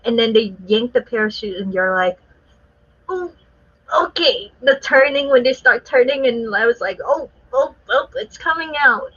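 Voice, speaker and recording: A woman with a bright, somewhat high voice chats casually as a guest artist, laughing often as she tells her story. The sound is muffled and lo-fi, like a dull online call. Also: lively intonation, normal speed, slightly rough.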